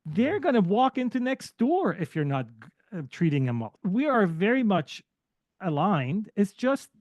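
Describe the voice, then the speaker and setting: A man's voice: sits high, big pitch swings, a little slow, a little mellow, dry recording. A man speaking as a guest on a casual podcast, earnest and reflective, driving his points home.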